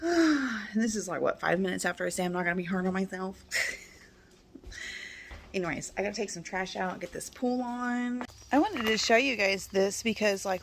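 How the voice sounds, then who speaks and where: A young woman talks casually to a handheld camera while she walks around her yard. Her voice sits at a middle pitch, and she rambles to her viewers with lots of "y'all" and "like". Faint outdoor noise runs under her voice. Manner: chatty, self-talking, uses y'all and like. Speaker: vlogger. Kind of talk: casual vlog chat.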